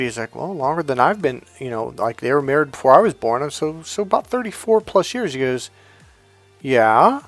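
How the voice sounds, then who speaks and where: A man talking as a life coach, telling a story casually and acting out the dialogue with lively changes in voice. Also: medium pitch, moderate pace, no room sound, soft background music. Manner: animated, acts out quoted dialogue.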